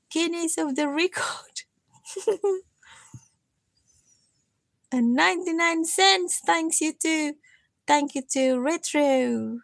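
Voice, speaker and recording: Tired high-voiced woman, slow and coaxing. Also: gravelly, dry recording. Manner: gentle, coaxing, repeatedly addressing a listener by name; chatty and self-mocking, with frequent laughs. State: tired from lack of sleep. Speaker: livestreamer. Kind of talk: casual live-stream chat.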